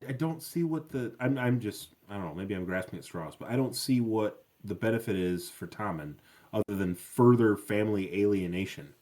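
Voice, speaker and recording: A man's voice: on the low side, animated, normal speed, darkish tone. A man co-hosting a podcast, reasoning his point aloud with many restarts in a casual discussion. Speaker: podcast co-host.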